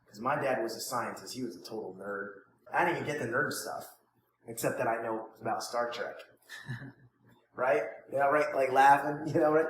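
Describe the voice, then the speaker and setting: A man coaching students on prospecting in an energetic, informal way, acting out sample conversations. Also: medium pitch, slight background noise. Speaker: network marketing trainer. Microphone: phone. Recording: echoey room, faint ambience, phone recording.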